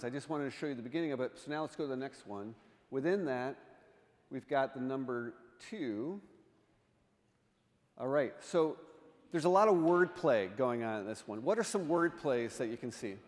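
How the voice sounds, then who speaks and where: A man's voice: mid-range voice, animated, normal speed. A man giving a playful, joking art talk to a congregation, often quizzing his listeners. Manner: playful, jokey, quizzes the audience. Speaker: artist in residence giving a presentation. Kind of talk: humorous illustrated talk to a congregation. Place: church sanctuary. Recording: long reverb of a church sanctuary.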